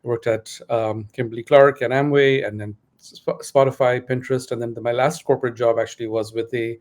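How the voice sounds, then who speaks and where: A man from Bahrain, a guest on a business talk show, talking in a quick, chatty way. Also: medium pitch, little pitch movement, darkish tone. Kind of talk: casual interview talk.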